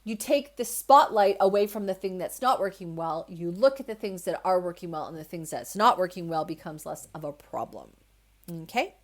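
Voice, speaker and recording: A young woman hosts her own spiritual podcast, speaking alone to her listeners. She talks in a relaxed, reassuring way, circling her points with easy fillers and asides. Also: on the low side, normal speed. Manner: warm, reassuring, conversational with many fillers. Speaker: podcast host. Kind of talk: solo spiritual podcast talk.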